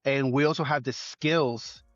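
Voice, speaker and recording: A man's voice: mid-range voice, fairly even intonation, unhurried, dry recording, dull audio, faint music behind. A man, a chef, speaking earnestly in an interview, building his points in short lists. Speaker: chef guest. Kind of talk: reflective interview talk.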